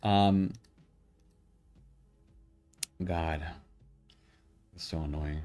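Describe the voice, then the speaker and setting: Slow, muttering man swearing at his code. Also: low voice, fairly even intonation, darkish tone. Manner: muttering and swearing, exasperated self-talk. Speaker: programmer streaming his work. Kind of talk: casual talk-aloud coding session. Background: keyboard typing and faint music.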